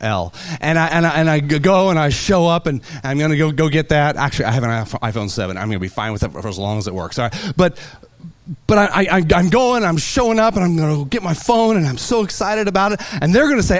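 A man preaching a sermon, animated and playful, telling everyday stories with lively asides. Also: fairly high pitch, fast talker. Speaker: pastor.

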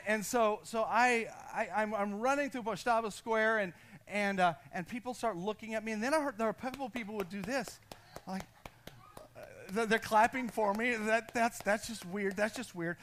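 An American pastor preaching to his congregation in a church, his voice sitting high for a man. He talks in quick bursts with restless energy, laughs at himself and calls on the listeners to answer back. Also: a bit bright. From United States. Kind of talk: sermon with personal story. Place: church sanctuary.

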